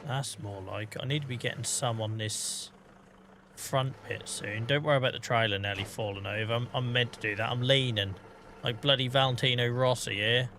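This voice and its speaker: Bright-voiced man in his forties, chatty. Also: medium pitch, fairly even intonation, moderate pace, a little hiss or hum. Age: 40s. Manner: chatty, self-mocking, swears lightly, laughs often. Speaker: livestreamer. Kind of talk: casual livestream chat.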